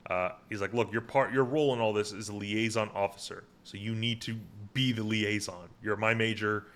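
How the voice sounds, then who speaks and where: A man's voice: fairly low pitch, fairly even intonation, a little fast, fairly bright tone. A man co-hosting a podcast, recapping an episode in casual chat and paraphrasing the scenes with lots of fillers.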